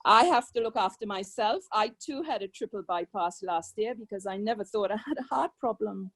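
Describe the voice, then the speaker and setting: A woman's voice: mid-range voice, brisk, low-quality recording. An older woman, speaking as a caregiver guest on a webinar, earnest and conversational. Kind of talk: sharing personal experience on a webinar.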